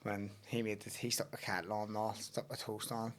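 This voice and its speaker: A man with a Belfast accent, a podcast guest telling a story in casual talk, animated and swearing, often laughing. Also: lowish voice, brisk. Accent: Northern Irish, Belfast.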